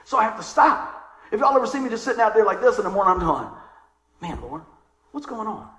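A male pastor delivers a sermon from a church sanctuary, speaking in a high voice that swings widely up and down. He keeps it conversational and calls out questions to the congregation. The room rings with noticeable echo. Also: lively intonation, rapid-fire, pushed and bright.

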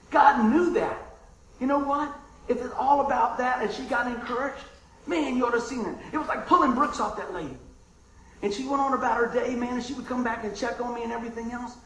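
A man preaching a sermon, telling a personal story in a conversational, animated way that drops to a hush at times. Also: sits high, echoey room, a little hiss or hum, low-quality recording. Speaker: pastor.

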